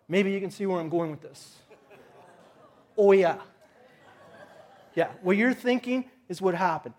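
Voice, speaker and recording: A man preaching a sermon, opening with a lively personal story and acting out his own cries. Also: sits high, normal speed. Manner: animated storytelling, acts out his own shouting. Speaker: pastor.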